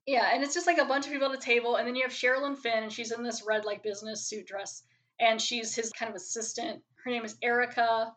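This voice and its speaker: A woman's voice: a little high, fairly even intonation, fast, a bit bright. A woman hosting a podcast, chatting casually through an episode review in a rambling way, full of "like" fillers, on a poor home mic. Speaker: podcast host.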